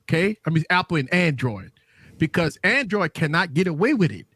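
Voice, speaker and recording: A man's voice: a little high, fairly quick, breathy edge, no room sound. A man hosting a live tech chat show. He talks casually and keeps checking in with "right?". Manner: animated, tag questions like "right?". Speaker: host.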